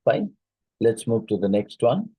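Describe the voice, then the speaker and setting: A man's voice: on the low side, big pitch swings, measured pace, mellow, husky, no echo, rough recording. A man from India with Odia-influenced English, teaching a phonetics exam-prep lesson and explaining with many fillers and checks like "isn't it".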